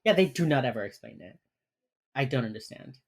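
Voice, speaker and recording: A woman's voice: very deep voice, lively intonation, a little fast, crowd noise. A woman co-hosting a podcast, rambling through a TV episode recap, swearing casually and laughing often. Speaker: podcast co-host.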